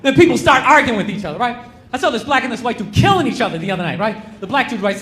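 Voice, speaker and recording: A man doing a stand-up comedy set in front of a crowd, ranting loudly and sarcastically, often shouting. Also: very high-pitched, expressive, fairly quick. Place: comedy club stage with a laughing crowd. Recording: echoey room with crowd noise.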